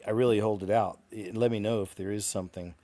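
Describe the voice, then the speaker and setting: A man with a somewhat low voice hosts a clip-reaction show. He keeps it loose and conversational, with offhand asides between videos. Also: steady tone, fast talker, mellow. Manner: laid-back, chatty asides. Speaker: show host reacting to clips. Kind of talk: casual commentary on video clips.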